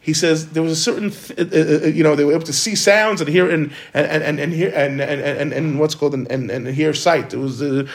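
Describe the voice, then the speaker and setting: A man leads an informal Torah lesson at a brisk clip, his voice pitched slightly above the usual male range. He restarts sentences often and weaves Hebrew and Yiddish terms into his English explanations. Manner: rapid, repeats and restarts words, sprinkles Hebrew and Yiddish terms. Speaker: Torah teacher.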